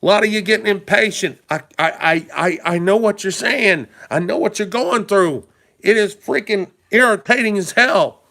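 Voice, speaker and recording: A man's voice: high-pitched, normal speed, creaky, pushed and bright. A man giving casual, rambling commentary to his viewers, emphatic and full of rhetorical questions he puts straight to the audience. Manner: addresses viewers directly and informally. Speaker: political commentary vlogger. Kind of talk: casual talking-head commentary.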